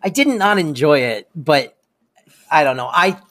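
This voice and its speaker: Relaxed, amused podcast co-host. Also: medium pitch, a little slow. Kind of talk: casual chat recapping a TV episode.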